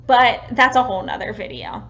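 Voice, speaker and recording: A woman giving patient, clear tips in an instructional video on talking with young children. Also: on the high side, brisk, lo-fi sound. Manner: patient, clear explaining with lively sample phrases. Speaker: early childhood educator.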